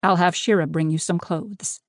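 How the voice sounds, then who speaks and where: A woman's voice: fairly low pitch, steady tone, normal speed, no room sound, studio quality, close to an everyday voice. A woman voicing a stern, commanding male pack leader who speaks stiffly and in clipped phrases.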